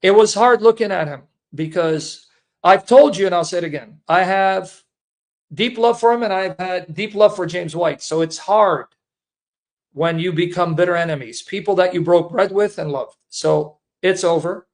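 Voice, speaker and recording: A man's voice: high-pitched, normal speed. A man hosting a livestream, making an earnest, emotional personal statement to his listeners, repeating himself and calling them brethren. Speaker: Christian apologist livestream host.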